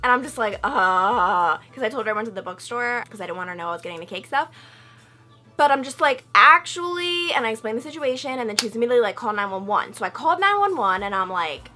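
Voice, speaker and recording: A young woman vlogging, telling a story in a chatty, animated way and acting out quotes with loud high outbursts. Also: fast, faint music behind. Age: young adult. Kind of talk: casual storytelling vlog.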